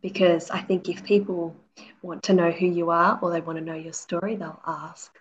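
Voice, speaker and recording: A woman in her forties with a fairly low voice, fairly even intonation, and normal speed speaks over slight background noise on slightly dull lo-fi audio. She's an author and interview guest, telling stories in casual, chatty talk full of "you know" and acted-out quotes.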